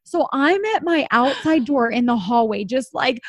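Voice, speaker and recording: Woman in her thirties co-hosting a casual chat; lively storyteller who acts out quotes; bright-ish voice, dry mic. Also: sits high, moderate pace, no echo. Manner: animated storyteller, acts out quotes, laughs often.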